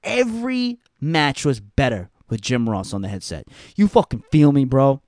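A man's voice: mid-range voice, big pitch swings, normal speed, a little mellow, dry recording, clean studio sound. A young adult man hosting a podcast, ranting in a blunt, profane way and repeating points for emphasis. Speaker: podcast host. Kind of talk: casual ranting commentary.

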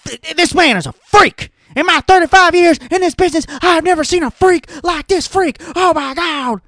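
A frantic older ringside announcer, put on by a man, crying out in awe with a high, strained voice that rises toward a shout. He sounds loud and a bit off the mic, and the voice jumps well above the man's usual pitch. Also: normal speed, dry recording, studio quality, exaggerated voice. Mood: awestruck. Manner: breathless, exclaiming, rising to a shout. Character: excitable veteran male wrestling announcer, older.

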